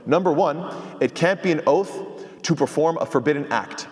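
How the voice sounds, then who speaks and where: A man's voice: fairly high pitch, normal speed, a little mellow, long reverb tail. A man, an imam, giving a sermon-style commentary on scripture, explaining step by step, quoting Arabic and asking rhetorical questions.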